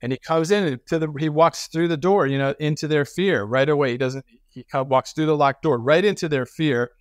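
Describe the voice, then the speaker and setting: Middle-aged man, podcast guest, animated storytelling, dry close sound. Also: a little high, brisk, dry recording. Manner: animated, acts out quoted voices; frequent restarts and repetitions. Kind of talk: conversational storytelling.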